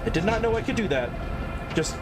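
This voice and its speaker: Chatty, high, lively-voiced streamer. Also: male voice, a little fast. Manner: chatty, playful, sing-song asides. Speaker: game streamer. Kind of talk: casual gameplay commentary.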